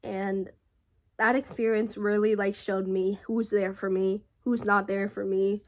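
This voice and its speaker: A young woman vlogger telling a personal story in a halting, emotional way, with frequent fillers and pauses. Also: mid-range voice, flat delivery.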